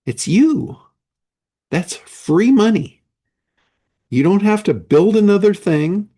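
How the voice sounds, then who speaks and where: A man's voice: high-pitched, expressive, warm tone. A man giving a motivational talk as a business coach, stressing points with rhetorical questions. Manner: slow, emphatic, with rhetorical questions. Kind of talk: motivational monologue.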